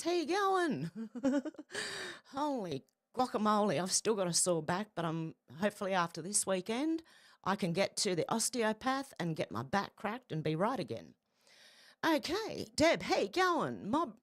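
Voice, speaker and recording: A woman's voice: mid-range voice, big pitch swings, measured pace, no echo, clean studio sound. A woman hosting a casual live stream, greeting viewers and talking with feeling. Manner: emotional, breaks into soft singing.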